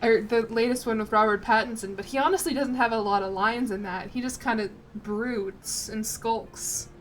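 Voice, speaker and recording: A woman's voice: fairly high pitch, fairly even intonation, moderate pace, faint music behind. A woman game streamer chatting casually and rambling a little, reading chat and poking fun at herself as she plays. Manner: chatty, rambling, self-deprecating, reads out chat.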